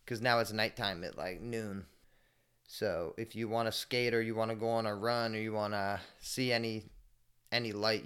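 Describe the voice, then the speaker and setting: In casual solo chat on his own podcast, a man with a fairly low pitch and clean tone spins stories in a rambling, profane, easygoing manner, mixing mumbled asides with sudden loud bursts.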